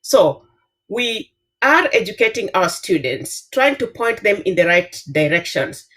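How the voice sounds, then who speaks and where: A Kenyan woman in her fifties, a professor with a Kenyan accent, giving earnest advice on a panel with frequent filler pauses. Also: mid-range voice, big pitch swings, fairly bright tone. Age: 50s. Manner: earnest, advising, many filler uhs. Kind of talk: panel discussion answer.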